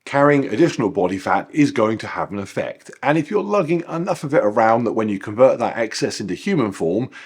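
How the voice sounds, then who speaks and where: A man narrating his vlog in a dry, scripted voice-over. His voice sits low and a little husky, and his delivery stays wry. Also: very animated, fairly quick, hardly any pauses. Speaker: running vlogger.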